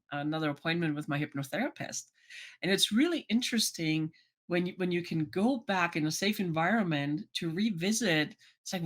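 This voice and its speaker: A life coach talking casually to a vlog audience, chatty and full of "you know" and "right?", acting out remembered conversations. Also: mid-range voice. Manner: acts out remembered conversations in lively voices. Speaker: life coach and channel host.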